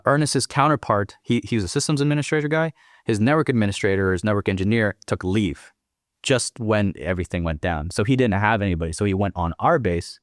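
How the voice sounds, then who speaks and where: A man's voice: mid-range voice, dry recording, clean studio sound. A young man telling a war story as a podcast guest, swearing freely and acting out quoted dialogue. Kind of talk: casual storytelling.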